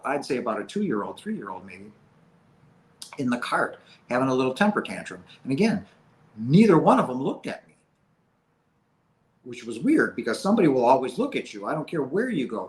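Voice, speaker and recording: A man's voice: medium pitch, big pitch swings, brisk. A man telling a personal story casually, with frequent "like" and "right?". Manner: recounts events with frequent "like" and "right?". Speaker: guest sharing a personal experience. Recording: roomy, faint background ambience.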